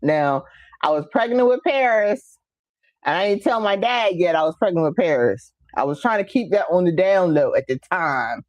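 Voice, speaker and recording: A woman's voice: fairly low pitch, a little mellow, dry recording, dull audio. A woman hosting a casual talk show, telling stories with laughter and acting out her relatives while reading viewer comments. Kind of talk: casual chat.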